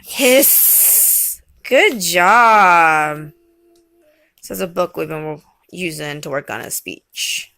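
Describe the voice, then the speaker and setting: A mother reading a picture book with her small child, coaxing and gently teasing. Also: low voice, moderate pace, vocal fry.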